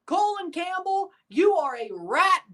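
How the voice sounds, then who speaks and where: A woman streaming a sports watchalong, ranting with profanity and sarcasm and bursting into shouts. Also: extremely high pitch, very animated, unhurried. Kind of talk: live sports reaction rant.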